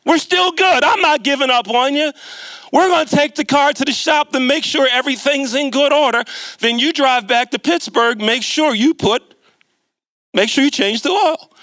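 A man's voice: extremely high pitch, moderate pace, sharp tone, no echo. A man putting on his father's voice as a stern, patient father who lectures his son firmly. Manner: firm, lecturing.

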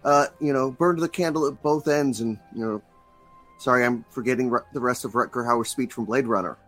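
A man's voice: medium pitch, fairly quick, a bit bright, faint music behind. A man answering trivia questions as a guest, rambling into jokes. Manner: jokey, rambling. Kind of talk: casual quiz answers.

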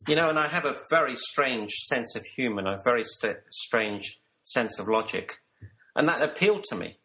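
A man's voice: mid-range voice, expressive, moderate pace, bright, forceful tone, poor audio. A man working as a life coach, telling his personal story earnestly to an interviewer and sometimes repeating words.

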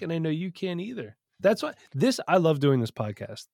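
A man's voice: fairly high pitch, very animated, moderate pace, gravelly, darkish tone, no room sound. A man in his thirties co-hosts a casual podcast from his home studio. He tells stories candidly and swears freely. The sound is dry and close. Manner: candid, profane, storytelling. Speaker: podcast co-host. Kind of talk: casual chat.

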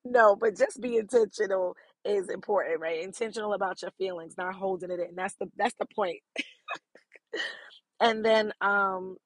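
A woman's voice: medium pitch, moderate pace, dry recording. A middle-aged woman hosting a podcast, talking candidly and casually about self-care, laughing often as she goes. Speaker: podcast host.

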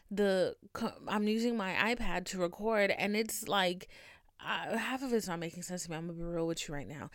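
A young woman hosting her own podcast, venting in a dramatic, profane, animated storytelling manner from her home setup. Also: medium pitch, smooth, dry recording, clean studio sound. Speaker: podcast host. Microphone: podcast microphone.

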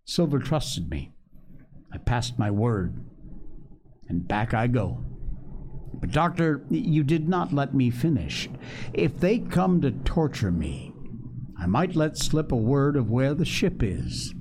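Man reading a frightened young cabin boy, earnest and slow. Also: mid-range voice, expressive, a little mellow, slight background noise. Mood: pleading.

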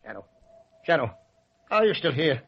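A man's voice: fairly high pitch, big pitch swings, moderate pace, gravelly, breathy edge, heavily acted. An actor playing an older repentant male landowner in a 1930s radio drama, earnest and emotional. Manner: emotional, pleading. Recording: dull old radio recording.

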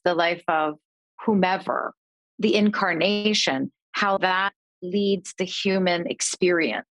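Middle-aged woman, podcast guest, animated storyteller, dry close-mic read. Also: on the low side, no echo. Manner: animated storyteller, voices quoted family members. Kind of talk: conversational storytelling.

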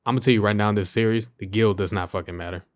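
A man with a lowish voice trades opinions casually and pushes back with skeptical counterpoints, cursing offhand. His voice is dry and close, with no room around it. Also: fairly even intonation, racing, no room sound. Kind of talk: casual chat.

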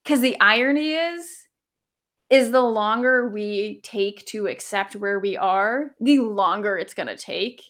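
A woman's voice: mid-range voice, a little slow. Reflective woman coach, easy laughter. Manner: warm, reflective, laughs easily, many fillers. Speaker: guest coach. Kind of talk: casual conversational interview.

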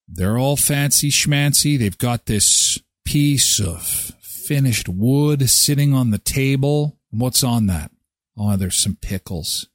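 A man's voice: mid-range voice, no room sound, clean studio sound. A man hosting a live morning show, jokey and rambling as he chats and reads ads. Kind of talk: casual chat with ad reads.

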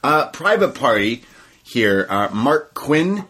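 A man co-hosting a casual podcast, relaxed as he recaps matches and laughs along. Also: medium pitch, slow, breathy edge. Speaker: co-host, wrestling reviewer.

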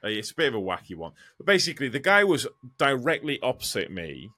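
A truck driver co-hosts a podcast, telling stories in casual chat with a mid-range voice. He talks fast, storytelling animatedly and swearing freely.

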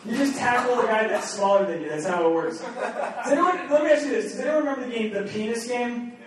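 A man from New England works a comedy club stage with a brash, crude delivery, trading jabs with hecklers. His voice sits high for a man. The set is recorded from a distance in an echoey room, with a crowd laughing loudly behind him. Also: fast. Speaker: standup comedian. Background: audience laughter and heckling.

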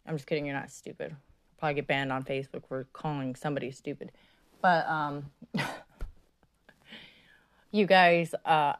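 A woman hosting a podcast in a casual monologue, rambling and crude, with lots of swearing, fillers and self-mocking asides. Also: sits low. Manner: many fillers and trailing asides. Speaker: podcast host.

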